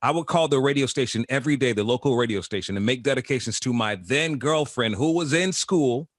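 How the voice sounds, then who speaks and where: A man in his fifties, a longtime radio host, recounts his career with animated energy, his voice leaping upward at the exciting parts. His voice sits in a mid register. The recording is dry, with no room sound. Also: mid-range voice, fairly quick, no echo. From Chicago, USA. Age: 50s. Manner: animated storyteller, voice jumps up when excited. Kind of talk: storytelling interview answers.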